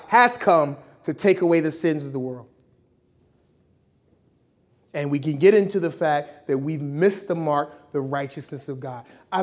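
A man preaching a sermon, lively and conversational, acting out quoted voices as he explains scripture. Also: a little high. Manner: animated, acts out quoted voices.

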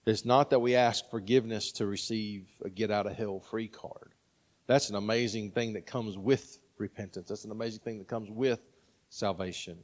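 The sound is big-room, carrying a man's low, steady voice at a moderate pace. He's a pastor in his thirties, and his sermon is conversational, with many check-ins of "right?".

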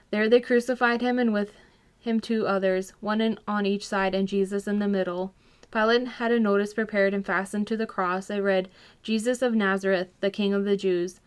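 A woman reads a scripture story aloud in plain narration. Her voice is smooth and resonant, the delivery simple with an occasional restarted phrase. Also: mid-range voice. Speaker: scripture reader. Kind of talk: scripture reading.

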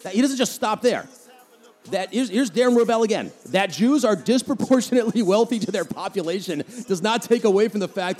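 A man's voice: sits high, a little mellow. A man from New Jersey with a New Jersey accent, hosting a solo podcast and ranting sarcastically about the news. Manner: sarcastic, heated, mocking. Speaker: podcast host. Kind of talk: opinionated solo podcast rant.

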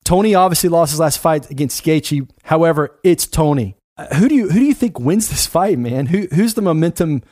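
A man's voice: fairly high pitch, animated, brisk, few pauses, darkish tone, no echo, clean studio sound. A man hosting a casual sports talk show, steering the talk and putting questions to his co-hosts. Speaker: host.

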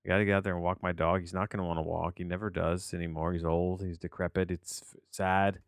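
A tired, low-energy man hosting a solo movie podcast from his home office, rambling and questioning himself as he talks. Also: flat delivery, fast talker, no echo, clean studio sound. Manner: rambling, meandering, self-questioning. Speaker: podcast host and movie reviewer. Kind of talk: casual solo podcast monologue.

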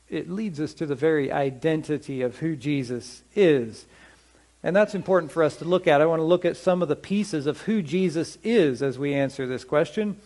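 Pastor guy preaching sunday service, kinda high voice, asks the congregation stuff. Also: darkish tone. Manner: conversational, asks the congregation questions; slows down to stress scripture quotes. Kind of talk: sermon.

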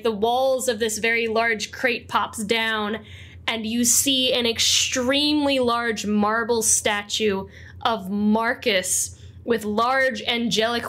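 A woman's voice: on the high side, a bit bright. A woman narrating a tabletop game as game master, rambling with many fillers.

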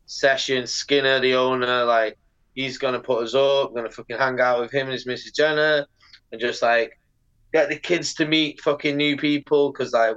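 A man's voice: medium pitch, clear, resonant tone. Sex: man. Style: sweary podcast chat, muffled audio. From Britain. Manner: animated, heavy swearing, lots of "like" fillers. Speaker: podcast guest, pro skateboarder. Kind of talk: casual podcast interview.

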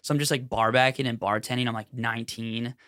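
A man's voice: mid-range voice, steady tone, fast talker, fairly bright tone, dry recording, studio quality. A man from Minnesota telling rambling, swear-filled comedic stories in casual podcast chat. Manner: rambling, swears, says dude and like a lot.

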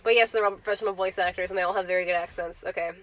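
Bright, goofy young woman. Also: medium pitch, steady tone, rapid-fire. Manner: goofy, joking. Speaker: podcast co-host. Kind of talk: casual chat.

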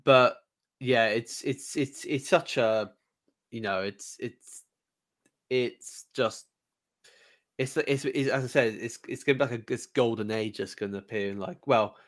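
A man's voice: mid-range voice, measured pace, fairly bright tone. A man from England co-hosting a podcast in casual chat, hesitant with lots of ums and repeated words. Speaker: podcast co-host.

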